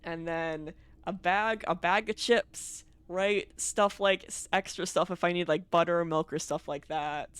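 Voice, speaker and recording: A game streamer talking loosely to a live chat, swearing freely and breaking into laughs between complaints. The voice is smooth and clean, recorded close on a streaming mic in a dry space with no room sound. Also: medium pitch, fairly even intonation, measured pace, a bit bright, dry recording.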